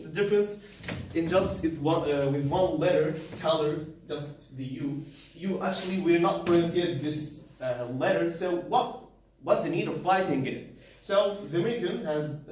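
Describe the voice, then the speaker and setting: A man giving a university class presentation, halting, with many fillers, restarts and non-native grammar. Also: a little high, a little mellow, distant mic. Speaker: student presenter. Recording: very echoey room, voice from afar, faint noise.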